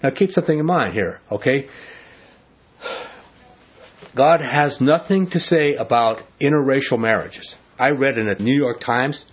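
A man's voice: medium pitch, a little slow, long pauses, slightly rough, dull audio. A man leading a casual Bible study, talking in a conversational way and acting out the quotes he reads. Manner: animated, conversational, acts out quotes. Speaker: Bible teacher.

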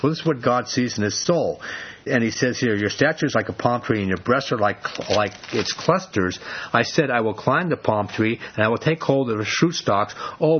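A middle-aged man leads a Bible study in a loose, rambling way, often restarting his sentences and pushing his voice up to stress a point. His voice is husky and sits at an ordinary pitch. The recording sounds dull and lo-fi. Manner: conversational, rambling with restarts, rises for emphasis. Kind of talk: informal Bible study sermon.

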